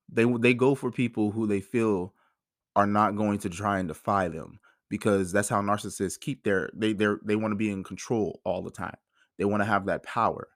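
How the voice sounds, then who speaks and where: A man in his thirties with a lowish voice rants through a casual podcast monologue, heated and full of profanity. The sound is dry and close, with no room around it. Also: no room sound. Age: 30s. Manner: heated, profane, animated storytelling. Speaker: podcast host.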